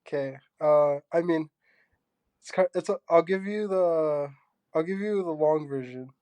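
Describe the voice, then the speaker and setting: A young man from Zambia, a guest artist, talking casually in an interview with a soft, halting manner full of fillers. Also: a little high, no room sound.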